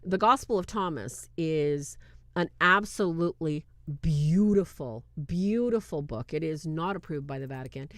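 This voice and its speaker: Animated woman reviewing a film, dry sound. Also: low-pitched, moderate pace, no room sound. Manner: animated and incredulous, often laughing. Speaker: video host. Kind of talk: casual movie review commentary.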